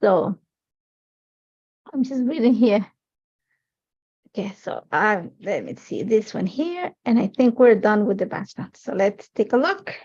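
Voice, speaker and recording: A woman's voice: medium pitch, expressive, measured pace, long pauses, darkish tone, husky, dull audio. A woman in her forties hosting a live scrapbooking demonstration, chatty and rambling, filling her talk with "like, you know.". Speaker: craft livestream host.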